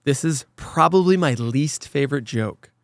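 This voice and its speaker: A man's voice: fairly high pitch, lively intonation, moderate pace, no echo. Ranting man with a dry close sound. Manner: exasperated ranting, swearing, acts out quotes. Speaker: podcast co-host. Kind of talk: casual chat.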